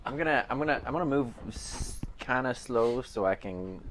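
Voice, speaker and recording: A man's voice: mid-range voice, animated, normal speed, crowd noise. A man from Tennessee playing a tabletop game, rambling and repeating words as he chats. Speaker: player. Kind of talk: casual tabletop chat.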